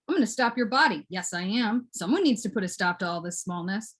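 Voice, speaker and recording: A woman giving a performed poetry reading, swinging between high cooing baby talk and low muttered asides. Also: animated, brisk, few pauses, breathy edge. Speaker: poet reading her work. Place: at home for an online book launch.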